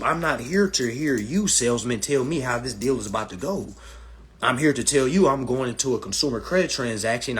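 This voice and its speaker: A man hosting a casual phone livestream, talking in a brash, profane, animated way and slipping into mocking voices. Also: medium pitch. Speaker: livestream host giving legal advice.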